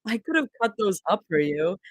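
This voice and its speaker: A woman voicing a gentle, caring young woman in a casual live reading of a story. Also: mid-range voice, sing-song, a little fast, husky, dry recording.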